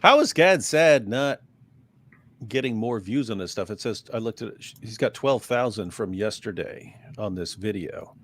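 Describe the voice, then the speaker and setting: A man's voice: on the low side, expressive, moderate pace, a bit bright. A man co-hosting a live stream in casual chat, making wry, joking asides. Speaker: livestream co-host.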